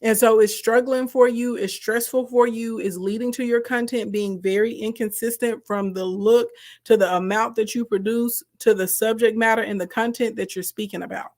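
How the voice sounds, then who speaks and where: A woman's voice: on the high side, fairly even intonation, normal speed, hardly any pauses, a little mellow. Emphatic woman coaching on a live stream. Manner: direct, emphatic, chatty, reads viewer comments. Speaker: host, content coach.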